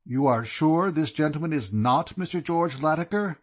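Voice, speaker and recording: A man's voice: on the high side, lively intonation, moderate pace, pitched above the performer's own voice. A man voicing a stiff, formal male German count with a German accent, speaking in a courtly, ceremonious way.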